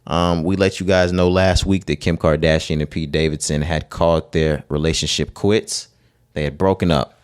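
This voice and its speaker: A young man with a deep, low-pitched voice co-hosts a podcast. He talks in a relaxed, slangy way and laughs easily. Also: clean tone. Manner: slangy, laid-back, quick to laugh. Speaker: podcast co-host. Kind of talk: casual chat.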